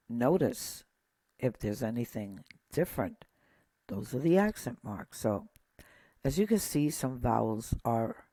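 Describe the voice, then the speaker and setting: Slow, patient Hebrew teacher. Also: mid-range voice, dark tone, dry recording. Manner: methodical, points things out one by one; patient, pauses with fillers. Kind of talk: slow lesson.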